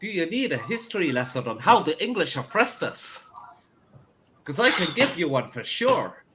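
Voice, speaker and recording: A man's voice: a little high, big pitch swings, normal speed, bright, forceful tone, slight background noise. A man voicing a proud, bitter Scottish woman leader in a tabletop game, in a put-on Scottish accent that slips toward Irish, grandly sarcastic. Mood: proud welcome. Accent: attempted Scottish drifting into Irish. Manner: grandly sarcastic, theatrical grievance.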